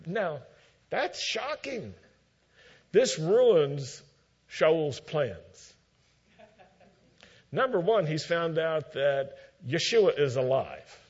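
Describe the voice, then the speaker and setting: A man preaching a sermon, teaching in a measured way and acting out quoted lines with emphasis. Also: a little high, expressive, darkish tone, breathy edge, highs cut off.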